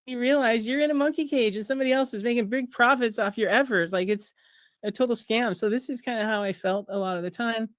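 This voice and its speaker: Speaking fast, a woman in her fifties who is a pharmacist and author walks through her slides on a video call for a streamed fundraiser. She's chatty and sarcastic about the system, putting on a higher pitch for quoted voices, in a dry, studio-quality recording.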